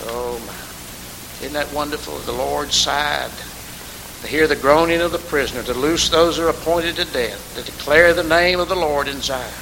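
A man's voice: fairly high pitch, moderate pace, creaky, sharp tone. A man preaching a sermon, rising to emphatic call-and-response and calling on congregation members by name. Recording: hissy recording in a reverberant hall.

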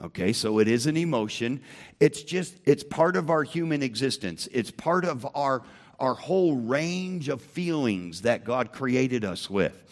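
Slow, emphatic man teaching in church. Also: medium pitch, animated. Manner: slow, emphatic, asks the room questions. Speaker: Bible teacher. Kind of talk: church teaching with questions to the audience.

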